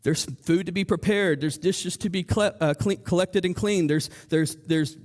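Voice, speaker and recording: A male pastor preaching a sermon in a church, lively and animated, acting out the voices of the people in his story, with frequent stammers and restarts. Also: high-pitched, moderate pace. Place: church sanctuary.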